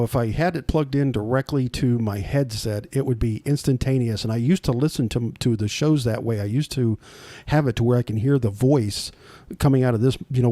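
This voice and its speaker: A mid-pitched man co-hosts a talk show, rambling on with plenty of "you know"s and restarts. He speaks into a headset mic, and the sound is dry and close. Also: mellow, no room sound. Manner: rambling, explains technical details with lots of fillers. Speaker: co-host. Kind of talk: casual chat.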